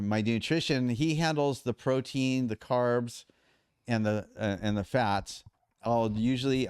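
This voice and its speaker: Guy telling stories on a podcast, smooth voice, dry close mic. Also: lowish voice, no echo. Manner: animated storyteller with many restarts. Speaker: podcast guest, endurance athlete. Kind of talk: casual storytelling.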